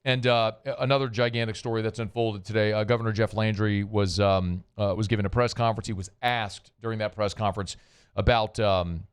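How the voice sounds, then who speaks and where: A man's voice: on the low side, steady tone, a little fast, clean tone. A man hosting sports talk radio, speaking conversationally and giving his opinions with plenty of fillers and restarts.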